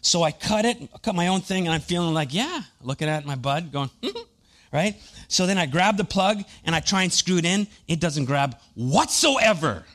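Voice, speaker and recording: A man's voice: a little high, expressive, normal speed, a bit bright. A man in his thirties, a pastor preaching a sermon, telling personal family and boat stories in a chatty, self-deprecating way.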